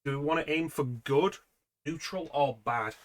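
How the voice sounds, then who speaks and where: A man's voice: a little high, normal speed, no echo. Wisecracking man streaming a game. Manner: joking, sarcastic asides. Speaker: streamer playing a horror game. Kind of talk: casual game commentary. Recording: noisy stream audio.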